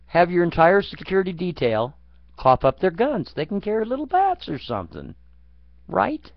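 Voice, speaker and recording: A man's voice: high-pitched, sing-song, moderate pace. A man rants about politics in a crude, foul-mouthed way, his anger running through every line. The recording is muffled and lo-fi, with a dry sound that has no room echo. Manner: angry, crude, swearing constantly. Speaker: vlogger. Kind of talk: profane political rant.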